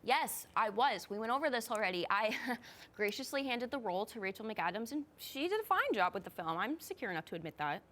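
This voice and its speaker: A woman's voice: on the high side, expressive, fairly quick, a bit bright. An actress playing a vain, insecure young woman who is flustered, defensive and desperate for praise, in a comedic student film.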